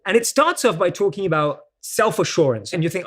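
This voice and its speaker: A man's voice: high-pitched, lively intonation, a little fast, fairly bright tone. A man with a British accent, talking earnestly in a conversational interview and explaining self-care ideas step by step. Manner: earnest, explanatory, acts out quoted self-talk. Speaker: guest coach. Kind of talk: conversational self-help talk.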